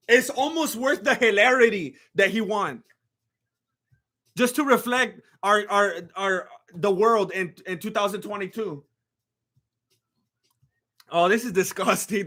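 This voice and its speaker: Streamer host, male, bright and sharp tone, excitable and incredulous, live watch-along chat. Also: high-pitched. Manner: talks to the chat with rapid questions. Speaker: livestream host reacting to fights.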